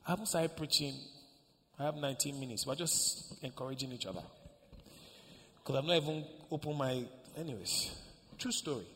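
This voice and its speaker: A man pastor preaching, telling a story with sudden shouts and hushed asides. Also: a little high, vocal fry, a little hiss or hum. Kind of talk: sermon. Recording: echoey hall, faint ambience.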